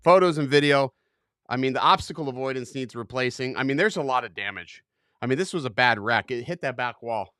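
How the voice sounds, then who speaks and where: Casting: young male stream host, rambling, self-mocking, excitable, mid-range voice, dry close sound. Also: mid-range voice, a little fast, clear, resonant tone, dry recording. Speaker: livestream host. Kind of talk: casual chat.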